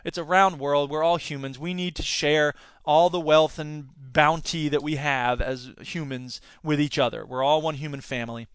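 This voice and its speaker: A high-pitched man rants through a casual political podcast, sarcastic and fired up, often laughing at his own jokes. His tone is bright and sharp. The recording is dry and close, with no room sound. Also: fairly even intonation, normal speed, few pauses, smooth, dry recording. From Wisconsin. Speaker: podcast host; teacher union member.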